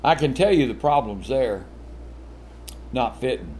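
An older man preaching a sermon, animated and full of rhetorical questions, with chuckling asides. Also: mid-range voice, measured pace.

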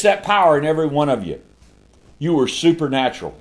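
Preacher man, folksy and lively, slightly high voice, swings from loud to hushed, laughs often. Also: brisk. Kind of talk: sermon.

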